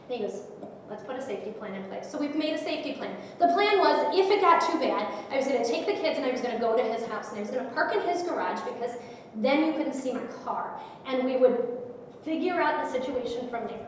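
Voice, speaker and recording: A woman's voice: on the high side, a little fast, a little hiss or hum. A middle-aged woman giving an emotional personal testimony, telling her story vividly with quoted dialogue. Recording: echoey hall, speaker far from mic.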